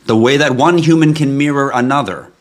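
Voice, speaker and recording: A man hosting a live stream, giving a hype-driven sales pitch with asides and tangents. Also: a little fast. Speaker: live stream host pitching a blockchain project.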